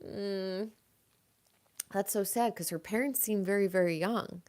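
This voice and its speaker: A woman's voice: medium pitch, a little slow, a little mellow. A woman hosting a live show, chatting casually and gossiping about reality TV, swearing now and then. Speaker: host.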